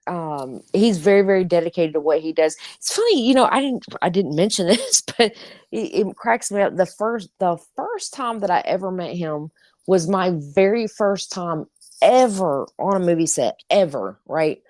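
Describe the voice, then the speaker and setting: A woman co-hosting a podcast in casual chat, animated and laughing, swearing freely as she tells stories. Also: fairly low pitch, moderate pace, no echo. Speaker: podcast co-host.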